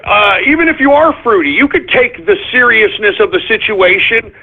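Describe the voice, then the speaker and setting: A man hosting his own radio show, ranting in an agitated way, repeating himself and breaking into shouts. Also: high voice, animated, normal speed. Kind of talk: ranting call-in radio monologue. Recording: phone-line quality broadcast.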